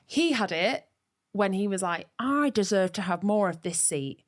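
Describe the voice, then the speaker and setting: Female podcast co-host, mid-pitched, teasing, laughs easily. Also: animated. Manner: teasing, quick to laugh along. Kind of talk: casual chat.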